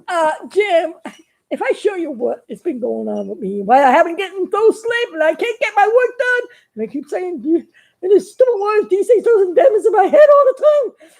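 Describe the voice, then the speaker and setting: A woman's voice: extremely high pitch, animated, normal speed, gravelly, voice pushed up, heavily acted, low-quality recording. A woman voicing a frazzled male cartoon astronaut who pleads in a flustered, giggly way. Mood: pleading.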